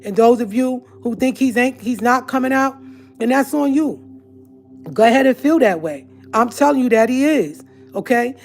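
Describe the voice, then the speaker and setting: A woman with a slightly high, slightly mellow voice rants at a moderate pace on her channel as soft music plays behind her. Her live-stream monologue to viewers is heated and confrontational.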